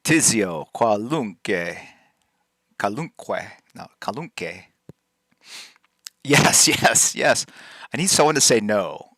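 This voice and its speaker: A man's voice: on the low side, fairly bright tone, no echo, clean studio sound. A man hosting a live drawing stream, chatting casually and playfully with his chat while he works, teasing them and repeating words to practice saying them.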